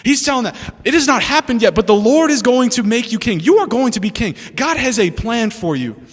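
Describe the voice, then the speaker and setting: Young male preacher, high bright voice, lively and chatty with the crowd; long hall reverb. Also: brisk. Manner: animated, laughing asides, asks the room questions. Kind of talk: sermon. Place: church hall with an audience.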